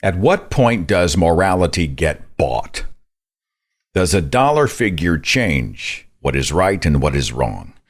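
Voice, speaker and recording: A man's voice: low-pitched, sing-song, slow. A man hosting a podcast, giving indignant, sarcastic commentary and mocking the views he criticizes. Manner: sarcastic, indignant, mocks others' voices. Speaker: podcast host. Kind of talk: opinionated commentary.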